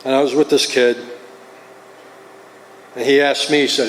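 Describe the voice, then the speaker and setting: A man's voice: medium pitch, little pitch movement, moderate pace, a bit bright, slight background noise. New Jersey man confessing in a hall. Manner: earnest, confessional storytelling. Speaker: recovery meeting speaker. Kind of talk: personal testimony. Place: meeting hall. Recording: roomy hall, faint ambience.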